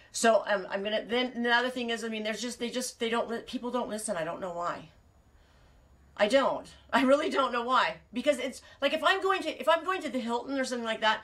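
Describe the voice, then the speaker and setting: A woman's voice: a little high, a bit bright. A woman hosting a casual knitting live stream from her farm, rambling and cutting herself off, laughing often and swearing now and then. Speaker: knitting show host and sheep farmer.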